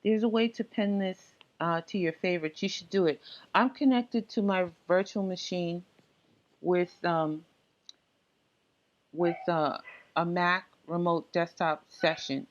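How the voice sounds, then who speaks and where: This is a woman with a somewhat low voice, explaining software setup in a laid-back, unscripted way. She pauses often on fillers while she clicks through screens. The recording sounds dull and lo-fi. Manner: relaxed, many ums and uhs, talks through steps. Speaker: tech tutorial presenter. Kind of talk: casual screen-recorded tutorial narration.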